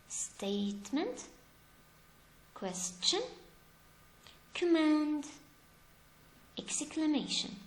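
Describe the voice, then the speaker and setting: A woman teaching English grammar, asking her class questions and answering them herself as she explains each example. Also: sits high. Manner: lively, stresses examples with rising emphasis. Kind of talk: slow, deliberate classroom explanation. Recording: echoey room.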